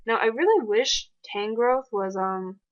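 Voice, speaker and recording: Excitable woman narrating gameplay, lo-fi. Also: fairly high pitch. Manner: fast, excitable chatter. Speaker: gameplay commentator. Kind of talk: casual game commentary.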